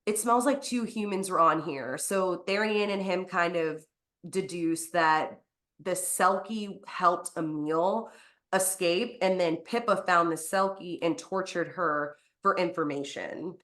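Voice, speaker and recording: A woman co-hosting a podcast, casually recapping a novel's plot in a chatty way, full of fillers and quick acted-out quotes. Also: on the low side, a bit bright. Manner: chatty, lots of "like", acts out quotes. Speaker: podcast co-host.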